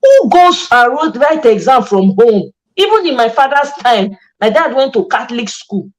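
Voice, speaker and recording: A woman's voice: a little high, expressive, normal speed, poor audio. A Nigerian woman hosting a casual chat, passionate and emphatic, mixing Pidgin and English. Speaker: host.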